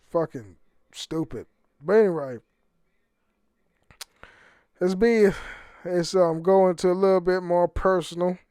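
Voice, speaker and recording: A man's voice: fairly high pitch, darkish tone, dry recording, clean studio sound. A young man hosting his own podcast, talking in a rambling, profane way and often stammering and repeating words. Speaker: podcast host. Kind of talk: rambling casual monologue.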